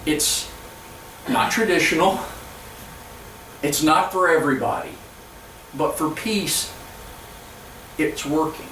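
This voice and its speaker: A man speaking as a pastor, giving an earnest storytelling presentation to church leaders, with halting restarts. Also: on the high side, fairly bright tone, slight background noise. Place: church hall. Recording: echoey room, from far off.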